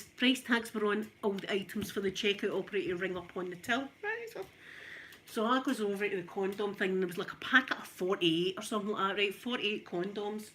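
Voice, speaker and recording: A middle-aged Scottish woman chatting and telling a funny story while she irons, animated and laughing often. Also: medium pitch, slight background noise. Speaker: ASMR channel host. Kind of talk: casual storytelling while ironing.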